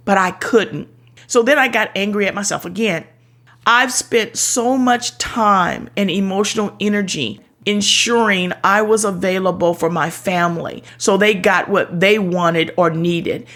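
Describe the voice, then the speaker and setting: Slow, earnest older woman speaker. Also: mid-range voice, fairly bright tone. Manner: slow, earnest and candid, with occasional cursing. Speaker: author and speaker. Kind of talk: personal reflective monologue.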